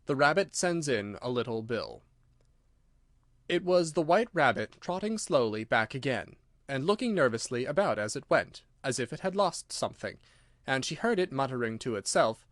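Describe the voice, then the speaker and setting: With a mid-range voice at normal speed, a male narrator reads an audiobook script expressively, like a storyteller. The recording is dry and studio-clean.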